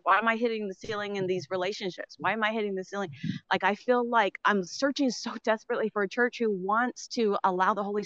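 A woman's voice: medium pitch, a bit bright, no room sound. A middle-aged woman calling into a show, talking emotionally and rambling with many fillers. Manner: rambling, emotional, frequent fillers and nervous laughs. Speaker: caller. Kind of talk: call-in conversation. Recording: dull lo-fi line.

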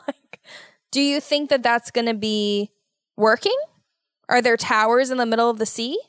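A woman hosting a casual solo podcast, talking in an animated, worried, motherly way and exaggerating her fears. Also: fairly high pitch, normal speed, clear, resonant tone, no room sound, clean studio sound. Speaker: podcast host.

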